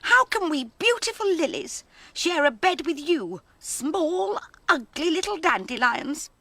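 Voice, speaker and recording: A woman's voice: very high voice, big pitch swings, measured pace, sharp tone, no echo, voice pushed up, heavily acted. A woman voicing a group of proud, snobbish lilies in a children's storybook tale, pompous and shrieking. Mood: disgusted. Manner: pompous, shrieking, sing-song. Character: snooty haughty female lilies, proud and shrill.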